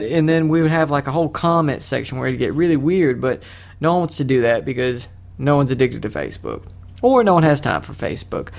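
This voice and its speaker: A young man with a slightly high voice rambles through a solo podcast, joking crudely at his own expense. His talk is loose and casual, full of restarts and asides. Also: vocal fry. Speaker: podcast host.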